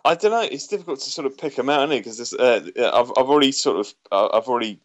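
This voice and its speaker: A man talks about a film in a halting way, repeating words and restarting sentences often. His voice sits at a middle pitch for a man. The chat is loose and casual. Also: expressive. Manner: halting, stammers and restarts a lot.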